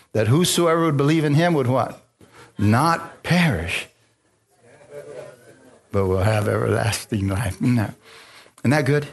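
A man preaching a sermon, calling out to the congregation with frequent amens and hallelujahs and easy laughter. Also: mid-range voice. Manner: call-and-response, lively preaching with laughs. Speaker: pastor. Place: church sanctuary.

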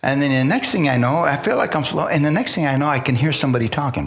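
A man's voice: a little high, fast talker, creaky, fairly bright tone, soft background music. A man preaching to a congregation, telling his own story and acting out other people's voices, often asking for an amen. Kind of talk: testimony sermon. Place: church in front of a congregation.

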